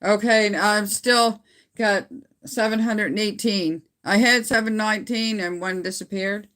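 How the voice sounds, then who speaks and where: Slow, chatty woman live on her phone. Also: mid-range voice, fairly even intonation, a bit bright. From Canada. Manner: chatty, rambling, laughs often. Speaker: livestream host. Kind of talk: casual live chat with viewers. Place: at home.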